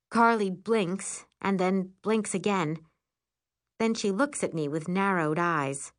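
A woman narrating a first-person storybook in an expressive, lively way. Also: mid-range voice, slow.

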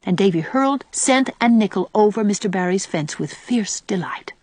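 A woman reading a storybook aloud in an expressive, dramatic way. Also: medium pitch, normal speed, dry recording. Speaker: audiobook narrator. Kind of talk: storybook narration.

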